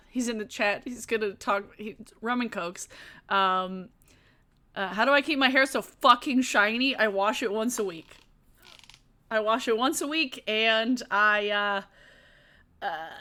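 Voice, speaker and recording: A woman's voice: mid-range voice, bright, forceful tone. A young woman hosting a casual live-stream Q&A, chatty and laughing often, swearing casually as she answers chat questions.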